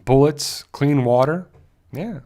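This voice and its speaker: A man's voice: fairly high pitch, takes it slowly, mellow. A man hosting a casual fan livestream, reading out viewer comments, chatty and laughing often. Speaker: host of a fan discussion show.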